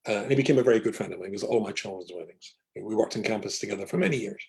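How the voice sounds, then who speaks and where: Gravelly older rabbi telling stories. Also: male voice, fairly low pitch, rapid-fire, darkish tone, poor audio. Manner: storytelling, reflective. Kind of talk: casual conversation.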